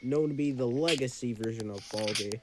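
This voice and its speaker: A young man streaming a game, chatting and reacting with sudden loud yelps. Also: medium pitch, brisk, heavy background noise. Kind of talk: casual gameplay commentary. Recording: game music playing behind.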